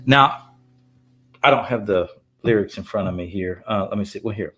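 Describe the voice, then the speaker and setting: A man's voice: lowish voice, moderate pace, bright, forceful tone, husky. A man, a singer-songwriter, chatting casually on a live stream, rambling with many fillers and restarts. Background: faint guitar playing.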